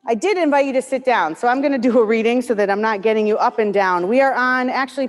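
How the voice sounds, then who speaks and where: A woman with a slightly high voice leads a worship service, slipping friendly, chatty asides between prayers and readings. Her voice rings with long reverb, as in a large hall, and soft music sits faintly behind her. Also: quick pace, few pauses. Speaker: cantor leading services.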